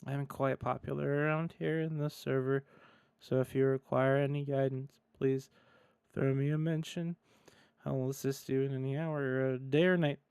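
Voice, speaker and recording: A man reading as a pompous, awkward online man courting a woman, in a flat deadpan delivery. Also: mid-range voice, creaky, clear, resonant tone, no echo, natural voice. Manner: deadpan, stiff formal reading.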